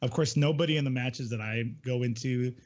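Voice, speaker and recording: A man's voice: medium pitch, fairly quick. A man chatting casually, easygoing and full of fillers. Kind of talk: casual chat. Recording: dull lo-fi mic.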